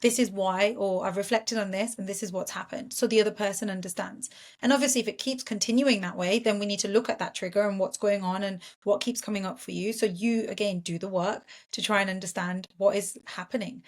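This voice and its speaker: A woman's voice: mid-range voice, fairly even intonation, a little fast. A woman hosting a podcast conversation, encouraging and affirming as she reflects on her guest's points. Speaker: podcast host, psychologist.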